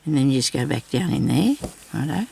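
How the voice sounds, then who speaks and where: A woman chats away to her viewers as she works on a craft project. Her voice is strongly gravelly and husky, and her talk rambles along casually. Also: extremely low pitch, expressive, fairly quick, darkish tone. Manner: chatty, rambling, talks directly to viewers. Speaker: craft vlogger.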